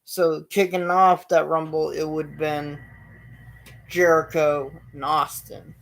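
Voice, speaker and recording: A man's voice: on the high side, level tone, slow pace, gravelly, fairly bright tone. A man hosting his own show, telling a long story in a rambling way with many fillers and restarts. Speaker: show host. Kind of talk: casual storytelling.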